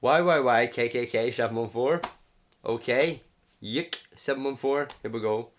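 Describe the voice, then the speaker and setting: A man giving live gameplay commentary, excitable, cursing at setbacks and cheering his wins. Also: medium pitch, normal speed. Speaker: gaming commentator.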